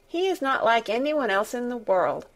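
A woman's voice: fairly high pitch, sing-song, normal speed, pitched above the performer's own voice. A woman voicing a young girl who speaks in a direct, matter-of-fact way. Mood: earnest. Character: plain-spoken young girl, blunt and curious.

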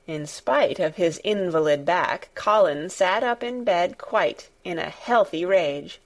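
A woman narrating a children's classic as an audiobook, in a measured, expressive storytelling manner. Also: lowish voice. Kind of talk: scripted narration.

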